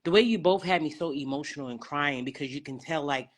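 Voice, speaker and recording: A woman's voice: low-pitched, fast talker. A young woman calling into a live stream, talking in an emotional, rambling and effusive way. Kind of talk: casual chat.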